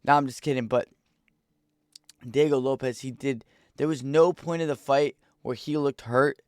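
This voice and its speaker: A young man giving a casual, excitable fight reaction, rambling in slang. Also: mid-range voice, normal speed, smooth, dry recording, clean studio sound. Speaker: MMA reaction YouTuber.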